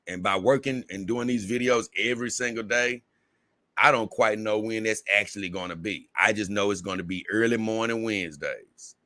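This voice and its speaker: A man's voice: on the low side, bright, forceful tone, no room sound. A man with a Southern US accent hosting a casual livestream, reading viewer comments in a rambling way, repeating words and laughing often. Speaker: livestream host.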